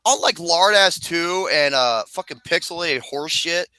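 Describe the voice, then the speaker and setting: A man's voice: on the high side, measured pace, clean tone, no echo. A man co-hosting a podcast, chatting casually with profane jokes. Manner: profane, animated, joking. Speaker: podcast co-host. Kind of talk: casual chat.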